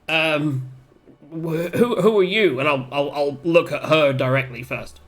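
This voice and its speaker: Bright-voiced stammering male player. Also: a little high, a little slow. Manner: stammering, repeats words, animated. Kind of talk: casual tabletop game play.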